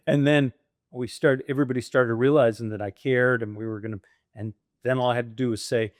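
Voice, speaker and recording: A man's voice: mid-range voice, brisk, no room sound, clean studio sound. A middle-aged man telling stories in an interview, acting out the dialogue as he goes. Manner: animated, acts out quoted dialogue. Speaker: guest. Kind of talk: storytelling interview.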